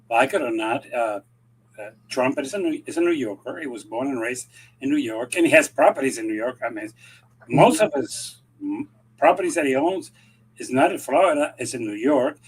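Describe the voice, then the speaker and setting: A husky man talks politics in a loose, rambling way. He acts out the conversations he quotes and keeps jumping his voice up and down. His tone stays chatty and unscripted. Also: mid-range voice, poor audio. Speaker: regular commentator. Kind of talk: casual political chat.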